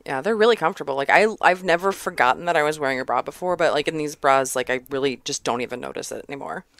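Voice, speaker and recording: A woman co-hosting a comedy podcast, chatting in a teasing, animated way. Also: low-pitched, quick pace, creaky, no echo. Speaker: podcast co-host. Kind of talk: casual chat.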